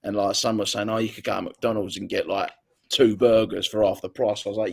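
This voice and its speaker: A young man, talking in a casual, rambling way. His voice sits a bit low, he doubles up words as he goes, and he swears freely. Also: steady tone, brisk, gravelly, slightly rough. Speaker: guest. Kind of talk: casual interview chat.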